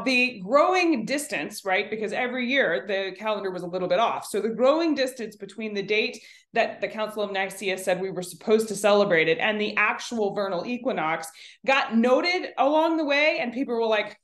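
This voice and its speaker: A woman hosting a podcast, explaining history in a chatty, animated way with playful asides. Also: fairly high pitch, echoey room. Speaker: podcast host.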